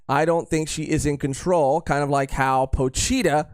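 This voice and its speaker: A man's voice: on the high side, normal speed, smooth, no echo, clean studio sound. A man co-hosting a podcast live stream, chatting casually and rambling with lots of fillers and repeated phrases. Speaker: podcast co-host.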